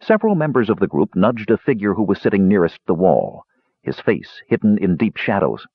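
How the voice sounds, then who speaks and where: A man narrating a fantasy novel in measured, expressive storytelling. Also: on the low side, slightly rough, dry recording, muffled recording. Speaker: audiobook narrator. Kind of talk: scripted narration.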